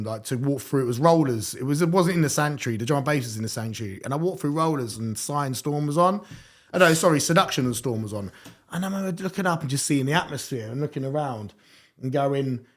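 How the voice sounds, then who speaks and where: A man's voice: a little high, animated, fast. A man in his thirties telling stories from his life as a hardcore MC in a casual interview, swearing often and laughing through his tales. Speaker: hardcore MC and DJ, podcast guest.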